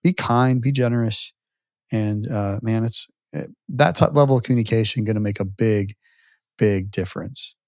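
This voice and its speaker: A man's voice: on the low side, moderate pace, darkish tone, no room sound, clean studio sound. A man in his fifties co-hosting a podcast, speaking in an emphatic, motivational way with hesitant restarts. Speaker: podcast co-host. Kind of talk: casual podcast conversation.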